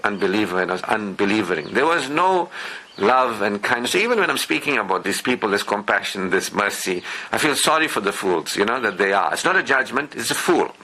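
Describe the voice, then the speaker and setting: A man's voice: on the low side, very animated, fairly quick, pushed and bright, rough recording. A man giving a Friday sermon lecture, talking openly about his own past and repeating phrases for emphasis with frequent asides to listeners. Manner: emphatic, repetitive lists, conversational asides. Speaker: preacher.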